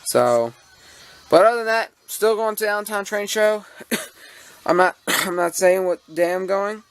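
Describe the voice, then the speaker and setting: Filmed at home among his model railroads with a handheld camera's mic, a young man from the US rants casually and indignantly about railroads, rambling with frequent fillers and restarts. His high voice is clear and resonant, and his delivery is unhurried.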